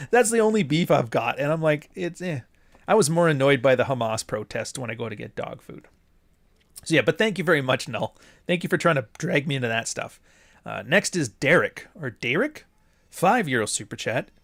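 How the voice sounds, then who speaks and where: On his casual livestream, a man from the Pacific Northwest goes through super chats, wanders into tangents, and swears freely. He speaks at normal speed in an expressive, medium-pitched voice that's a bit bright. The recording is clean and echo-free, studio style.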